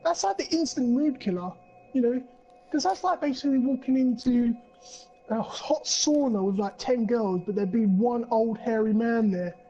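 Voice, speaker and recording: A man's voice: very high-pitched, moderate pace, dark tone, breathy edge, lo-fi sound. A young man on a podcast, rambling through a crude story and swearing a lot. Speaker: podcast co-host. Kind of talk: casual chat.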